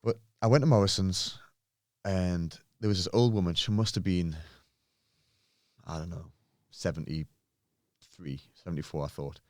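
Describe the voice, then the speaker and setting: Speaking unhurriedly in a low, darkish voice, this English podcast guest, a pro bodybuilder, shares personal stories earnestly and casually. He mimics others' voices when telling anecdotes, and the studio sound is clean with no room noise.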